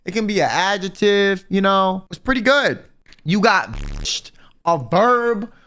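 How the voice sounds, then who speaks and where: A young man riffs to his stream chat in a loose, rambling comedic monologue. His voice sits high and swings widely up and down as he talks, and he keeps checking in with the audience. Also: expressive, unhurried, a bit bright. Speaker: vtuber streamer. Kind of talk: casual comedic ranking monologue.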